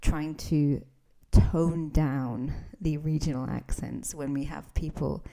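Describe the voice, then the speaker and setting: A woman's voice: low voice, fairly even intonation, takes it slowly, vocal fry, mellow, rough recording. A Scottish woman hosting a podcast lesson for English learners, explaining in a conversational way with frequent ums. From Scotland. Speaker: English teacher, podcast host.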